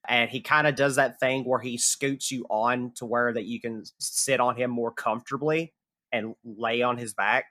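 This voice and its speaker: A man's voice: medium pitch, steady tone, normal speed, bright, forceful tone, dry recording. A man narrating a tabletop game as game master, casual and loose, with lots of "like" fillers.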